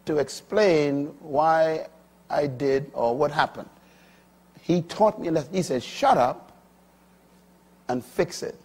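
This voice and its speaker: Older guy preaching, husky voice, goes quiet then loud and high. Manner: dramatic swings from quiet to loud, rising pitch on key lines. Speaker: pastor. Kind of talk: sermon.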